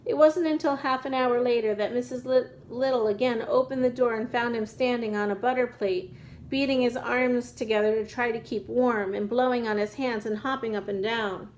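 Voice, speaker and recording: Lady reading a kids book out loud, fairly high voice, steady, fixes a word here and there. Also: moderate pace, slight background noise, low-quality recording. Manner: steady reading with occasional restarts over words. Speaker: reader. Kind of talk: reading a children's book aloud.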